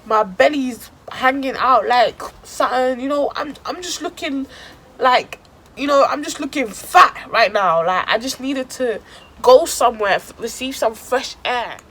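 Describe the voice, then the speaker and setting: A woman's voice: high voice, expressive, measured pace, a bit bright, husky, poor audio. A woman telling a dramatic story in casual slang for her vlog. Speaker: vlogger.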